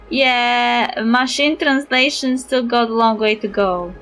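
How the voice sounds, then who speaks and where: A woman streaming a game, reading its text aloud in an animated, giggly, expressive way. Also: on the high side, measured pace, few pauses, soft background music.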